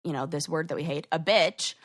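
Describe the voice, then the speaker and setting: A woman's voice: sits low, fairly quick, dry recording, studio quality. A woman co-hosting a podcast in casual chat, acting out quoted phrases as she explains. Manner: chatty, acts out quoted phrases. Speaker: podcast co-host.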